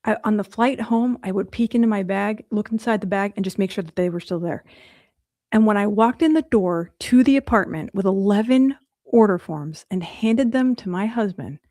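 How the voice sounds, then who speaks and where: A woman's voice: mid-range voice, no room sound. Dry, close-sounding woman telling a story. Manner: animated storyteller who speaks straight to viewers, with quick restarts. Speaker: motivational speaker and coach. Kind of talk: livestream teaching talk.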